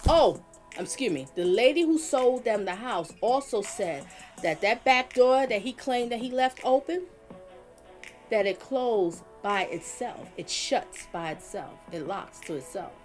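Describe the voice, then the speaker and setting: A woman's voice: on the high side, expressive, measured pace, a little mellow, faint music behind. Emphatic woman doing live stream commentary. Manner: emphatic, repeats points, reads chat comments aloud.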